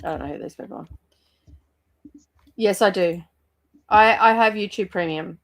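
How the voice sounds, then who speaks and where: A woman's voice: medium pitch, normal speed. An Australian woman co-hosting a livestream, chatting casually with lots of fillers and the odd swear word. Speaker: co-host of a livestream. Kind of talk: casual chat.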